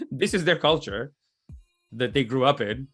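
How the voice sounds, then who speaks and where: A man's voice: medium pitch, animated, measured pace, a bit bright, breathy edge, soft background music. A man hosting a livestream, giving casual, rambling commentary and laughing often. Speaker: livestream host.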